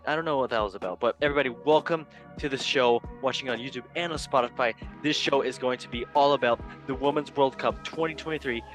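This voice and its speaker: Guy hosting a sports podcast, goofy and playful, normal pitch, faint music under it. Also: quick pace. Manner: goofy, playful, jumps between loud and quiet. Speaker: podcast host. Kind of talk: casual sports show banter.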